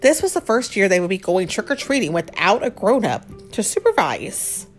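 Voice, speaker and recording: A woman reads a storybook aloud to children and stops to ask them questions. Her voice is animated, the pitch swinging widely. Soft music plays faintly behind her. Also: moderate pace. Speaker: parent reading aloud to children. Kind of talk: bedtime-style storybook reading with chat.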